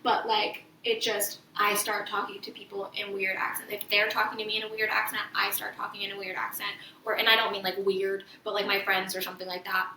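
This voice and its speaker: Bright-voiced woman chatting, swears a lot, laughs easy, echoey room a bit off mic. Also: mid-range voice, flat delivery, a little fast, hardly any pauses, distant mic, slight background noise. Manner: candid, swears freely, laughs often. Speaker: podcast co-host. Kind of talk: casual chat.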